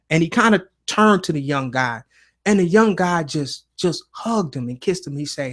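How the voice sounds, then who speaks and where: A man with a somewhat high voice talks earnestly on his live stream. His stories wander, full of restarts and fillers. He speaks with open feeling. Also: animated, moderate pace. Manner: rambling storytelling with many restarts and fillers; emotional, earnest. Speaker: live-stream show host. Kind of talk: casual live-stream talk.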